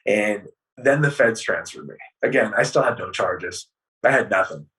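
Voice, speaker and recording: A man guest on an interview show, telling his story in an animated, profane way and acting out the dialogue. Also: lowish voice, moderate pace, far from the mic, poor audio.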